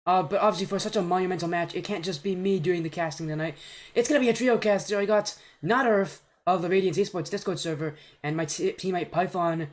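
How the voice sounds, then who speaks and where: A man's voice: sits high, fast talker. A man hosting and casting an esports match on a live stream, upbeat and joking at his own expense, talking into a home mic on a voice call. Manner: upbeat, joking, self-mocking. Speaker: esports caster and host. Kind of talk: live game commentary on a stream.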